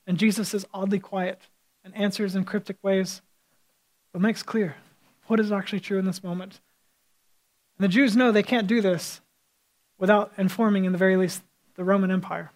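A man's voice: high-pitched, steady tone, normal speed, long pauses, low-quality recording. A man preaching a sermon as a pastor, retelling scripture as vivid storytelling with quoted speech.

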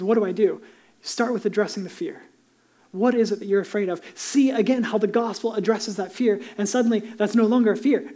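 Earnest pastor with a mellow, dark voice. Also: male voice, high voice. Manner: earnest, conversational storytelling. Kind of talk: sermon.

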